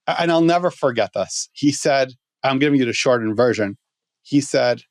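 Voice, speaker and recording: A middle-aged man, a former fire lieutenant, tells an emotional story as a podcast guest, earnest and halting, often restarting his words. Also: medium pitch, expressive, a little mellow, no room sound, clean studio sound.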